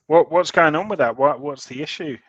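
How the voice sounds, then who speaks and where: Bright-voiced British man chatting. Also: on the high side, husky, highs cut off. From Britain. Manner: laughing, joking, quick banter. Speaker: podcast co-host. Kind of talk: casual chat.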